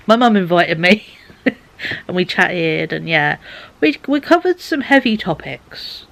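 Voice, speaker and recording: Woman, casual vlog chat, a bit croaky, rambling and laughing. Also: lowish voice, animated, slow, fairly bright tone. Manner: rambling, chatty, laughs often. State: slightly croaky voice. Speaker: vlogger.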